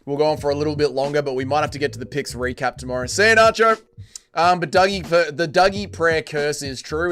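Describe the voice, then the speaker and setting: A man's voice: on the high side, a little fast, fairly bright tone, clean tone. A man hosting a livestream, reading chat aloud and joking crudely. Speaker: livestream host.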